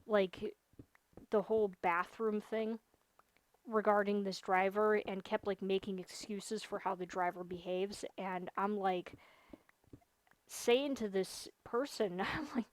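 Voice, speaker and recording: A woman's voice: mid-range voice, fairly even intonation, unhurried, no room sound. A young adult woman, a gaming livestreamer, talking casually while she plays, venting and repeating her points with emphasis. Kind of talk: casual chat while streaming a game.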